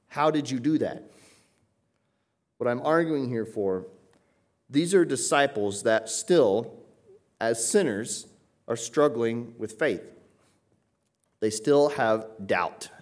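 A male pastor delivering a sermon in a church, talking with his congregation in a conversational style. He leans hard on key words for emphasis and keeps checking in with quick rhetorical asides. His voice sits at an ordinary, mid-range pitch.

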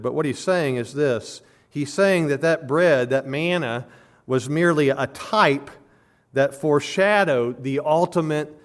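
A man delivering an expository sermon in a mid-range voice. He teaches patiently through the text. He leans hard on key words when he makes a point. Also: mid-range voice. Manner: measured teaching, rising to emphatic stress on key words. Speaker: pastor.

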